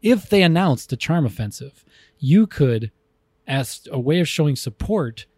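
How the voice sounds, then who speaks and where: Man, podcast co-host, casual rambling chat, mellow voice, dry sound. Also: a little high, lively intonation, unhurried, breathy edge, no echo. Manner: rambling, enthusiastic, many restarts.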